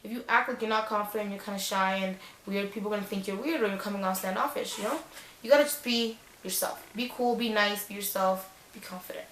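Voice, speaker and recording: A woman's voice: mid-range voice, steady tone, fast, a bit bright, reverberant, a little hiss or hum, low-quality recording. A young woman giving casual back-to-school advice in a sassy, chatty way, full of slang and acted-out quotes.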